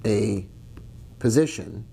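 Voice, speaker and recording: A man's voice: fairly low pitch, lively intonation, slow pace, gravelly, dark tone, husky. A man teaching about trading in a casual video lesson, chatty and digressive, with jokes and asides. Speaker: trading educator.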